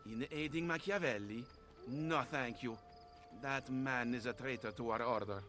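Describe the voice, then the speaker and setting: A man's voice: mid-range voice, normal speed, bright, forceful tone, a little hiss or hum, natural voice. An actor playing a stern, suspicious male assassin in a video game, speaking firmly. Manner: firm, clipped.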